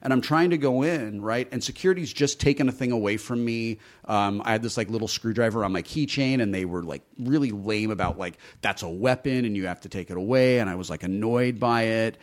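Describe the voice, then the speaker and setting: A man's voice: on the low side, a little fast, hardly any pauses. A middle-aged man telling stories in casual chat, candid and profane, laughing often. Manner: candid storyteller, swears freely, laughs often.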